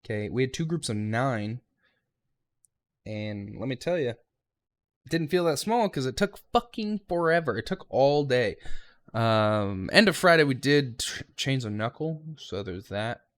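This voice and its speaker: A man's voice: medium pitch, expressive, unhurried, fairly bright tone, dry recording. A young man, a railroad conductor trainee, giving a rambling, casual vlog recap of his training week and swearing freely.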